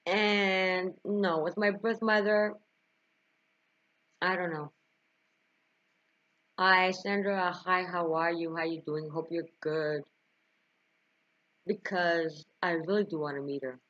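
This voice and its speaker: A woman's voice: fairly low pitch, a bit bright, highs cut off. A young woman vlogging to camera, telling a personal story with emotion, laughing and sighing at times. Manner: emotional, tearful at times, frequent laughs and sighs.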